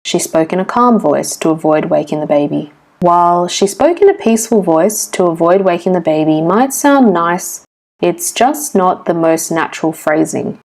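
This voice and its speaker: Low-voiced woman teaching English vocabulary. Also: expressive, a little mellow. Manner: clear, measured explanatory reading. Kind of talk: scripted vocabulary lesson.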